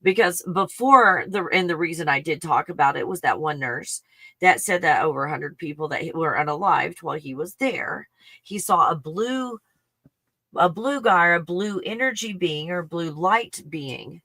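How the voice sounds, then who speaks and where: A livestream host talking through an excited monologue, thinking aloud, bursting into exclamations and swearing under the breath. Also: mid-range voice, moderate pace, dry recording. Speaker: live stream host.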